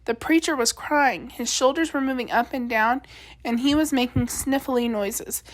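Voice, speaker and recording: A woman teacher reading a children's novel aloud in a steady, expressive storytelling voice. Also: sits high, normal speed.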